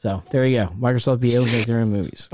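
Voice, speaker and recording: A man co-hosting a casual podcast, excitable and laughing often as he reads gaming news aloud. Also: mid-range voice, very fast, a little hiss or hum. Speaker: podcast co-host.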